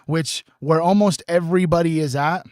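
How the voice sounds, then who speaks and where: A man hosting a casual livestream, rambling with many restarts, swearing and often clearing his throat. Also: a little high, fairly even intonation, moderate pace, darkish tone, no room sound, clean studio sound. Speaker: livestream host. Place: home streaming setup.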